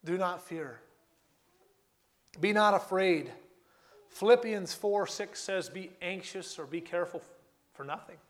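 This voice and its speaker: A man preaching a sermon, earnest and repetitive, slowing down and repeating key phrases for emphasis. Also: high voice.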